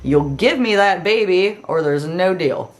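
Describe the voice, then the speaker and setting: Here is a smug little male imp, as a woman puts him on. His voice is dropped low and sly, drawling every bargain with a knowing edge. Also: lively intonation, measured pace, soft background music.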